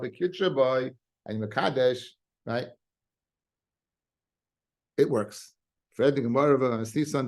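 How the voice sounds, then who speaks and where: Man teaching Talmud, quick and casual. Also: mid-range voice, a little mellow. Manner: explains in a quick mix of Hebrew-Aramaic terms and English, with restarts. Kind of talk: daily Talmud class.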